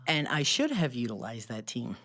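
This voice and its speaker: A woman's voice: very deep voice, moderate pace. A woman telling a personal story in a casual group conversation, laughing often as she talks. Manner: animated, laughs often while talking. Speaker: club member telling her story.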